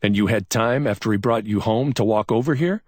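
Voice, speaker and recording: A man's voice: lowish voice, a little fast, no room sound, clean studio sound, pitched above the performer's own voice, natural voice. A man voicing a male investigator in an audiobook crime story, pressing with patient but insistent questions. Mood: probing. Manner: probing, gently insistent questions. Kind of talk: audiobook character voice.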